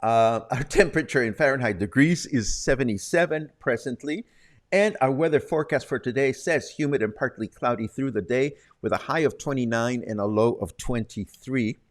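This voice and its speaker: A man's voice: medium pitch, normal speed. A man hosting a casual local news and weather roundup, chatty, with wry asides. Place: Puerto Vallarta, Mexico.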